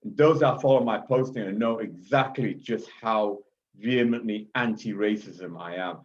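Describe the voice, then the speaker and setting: A man's voice: fairly low pitch, normal speed. A man of Chinese origin giving an emphatic lecture, repeating himself and checking in with frequent asides. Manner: forceful, repetitive, frequent "okay?" asides. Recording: dull lo-fi audio.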